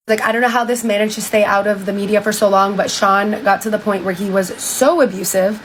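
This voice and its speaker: A woman's voice: medium pitch, fairly even intonation, a little fast, few pauses, slight background noise, rough recording. A young woman casually retelling a book for social media, chatty and full of "like", reacting with disbelief. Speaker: TikTok storyteller.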